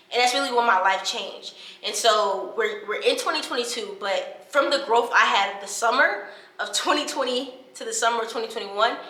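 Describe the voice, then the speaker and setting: A college-age woman talking casually to camera in a vlog, chatty and animated, calling her viewers y'all. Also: a little high, echoey room. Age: 20s. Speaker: college student vlogger and podcaster.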